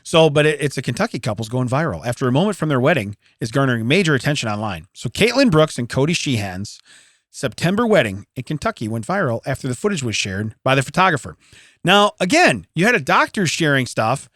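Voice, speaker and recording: A man's voice: medium pitch, big pitch swings, fast, a bit bright, no room sound, studio quality. A man co-hosting a comedy podcast, reading odd news stories aloud with jokey asides and frequent laughter. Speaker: podcast co-host. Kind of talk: casual comedic banter.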